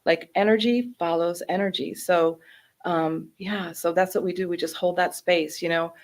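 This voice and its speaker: A woman and Reiki practitioner talking in a casual interview, energetic and animated, acting out quotes as she tells her stories. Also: lowish voice, normal speed. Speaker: Reiki practitioner, wellness center guest.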